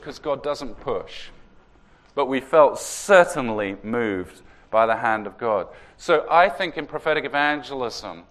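A man preaching a sermon, telling a story in an earnest way and slowing down to stress key words. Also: mid-range voice, fairly bright tone.

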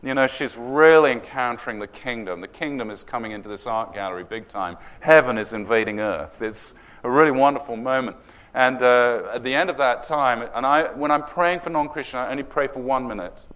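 A man preaching a sermon, telling a story in an earnest way and slowing down to stress key words. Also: medium pitch, fairly bright tone.

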